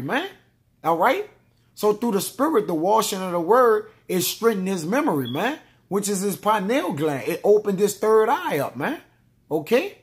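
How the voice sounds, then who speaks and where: A man's voice: high voice, very animated, fairly bright tone. Man preaching, tagging lines with "man". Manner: tags nearly every line with "man" and "all right?"; reads scripture aloud slowly. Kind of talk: scripture teaching sermon.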